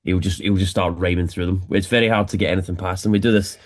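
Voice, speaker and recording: A man's voice: deep voice, steady tone, fast talker. A man with a Scottish accent chatting as an interview guest, laid-back and swearing casually. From Scotland. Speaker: band drummer, guest.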